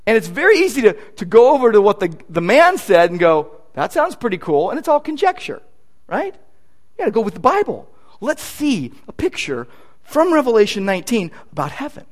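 Male pastor, sermon delivery, high voice with wide lively swings, emphatic, repeats words when building. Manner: animated, emphatic preaching with quick asides and repeated words.

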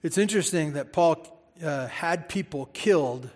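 Male pastor, sermon delivery, emphatic and repetitive, somewhat high-pitched, reverberant church hall. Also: moderate pace. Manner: animated, emphatic preaching with repetitions and asides.

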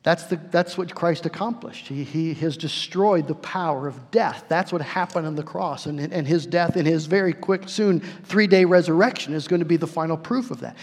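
A man with a fairly high voice preaches a sermon to his congregation. He talks earnestly, stretching out key phrases and doubling words as he goes. The sound rings with a long reverb, like a large sanctuary. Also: darkish tone, husky. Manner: earnest, slows and swells for emphasis, repeats words. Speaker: pastor.

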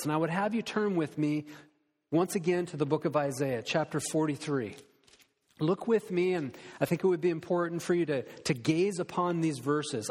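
A man preaching a sermon as pastor, earnest and slowing down to stress key words. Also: on the high side, a little mellow. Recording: long reverb of a church hall.

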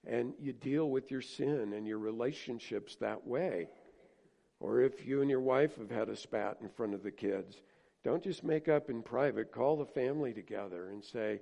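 A male pastor preaching a sermon earnestly, rising to emphatic points and then dropping soft. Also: on the low side, normal speed, vocal fry.

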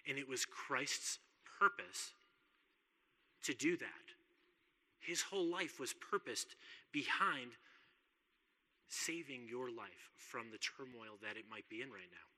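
A man gives an earnest, conversational sermon and repeats words to press his points. His bright, ringing voice sits at a middle pitch. A long reverb trails after him, as in a large hall. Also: lively intonation, takes it slowly, pauses often. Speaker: preacher.

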